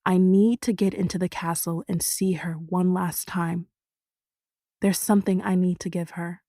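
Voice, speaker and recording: A woman voicing a cold, condescending young man in an audiobook, speaking in a quiet, clipped, low-key way. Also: steady tone, moderate pace, dry recording, clean studio sound. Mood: grim, earnest. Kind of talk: audiobook character voice.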